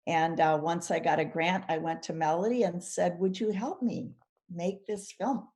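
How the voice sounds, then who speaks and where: A woman's voice: fairly low pitch, fairly even intonation, moderate pace, darkish tone. A woman from Minnesota, speaking on a panel, reflectively telling the story of how her family history became a film. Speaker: documentary subject. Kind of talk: panel discussion.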